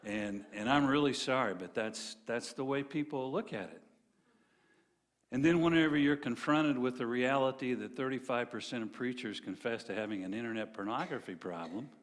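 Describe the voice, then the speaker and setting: A middle-aged man preaching as a guest preacher, telling folksy jokes and dropping low and quiet for serious points. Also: normal speed. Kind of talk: sermon with jokes.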